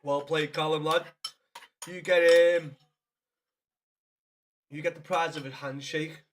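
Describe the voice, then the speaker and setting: A man's voice: fairly high pitch, level tone, measured pace, a bit bright. A man chatting casually to viewers on a live game stream, swearing freely and calling everyone lad.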